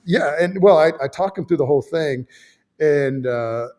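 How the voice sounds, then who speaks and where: A man's voice: a little high, animated, normal speed, darkish tone. A man in his fifties, a former fighter pilot, telling a story as a guest in casual conversation; he swears freely, pokes fun at himself and stacks fillers and restarts.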